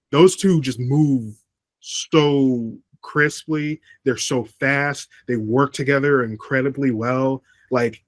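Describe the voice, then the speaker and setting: A man's voice: medium pitch, no room sound. A man co-hosting a podcast, talking casually about wrestling and often stopping on ums and restarts. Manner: rambling, with frequent ums and restarts. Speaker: podcast co-host. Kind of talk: casual wrestling review chat.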